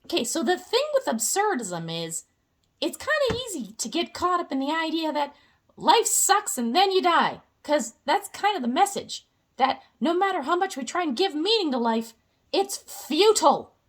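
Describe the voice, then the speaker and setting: Young woman with a high bouncy voice, joking around while she explains stuff. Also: very animated, moderate pace. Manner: playful and jokey, with comic asides. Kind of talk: casual educational explainer.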